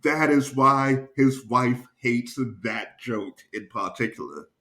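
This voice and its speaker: A man's voice: medium pitch, takes it slowly, pushed and bright. A man, a stand-up comedian co-hosting a podcast, rambling through a story in casual chat. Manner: rambling storyteller, acts out quotes.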